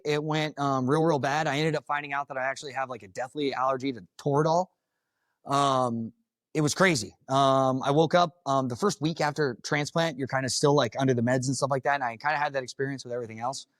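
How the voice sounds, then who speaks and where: Speaking briskly in a medium-pitched, fairly bright voice, a Florida firefighter recounts his own experiences for a live audience in a conference room. The delivery is blunt, profane and casual, captured in a dry recording.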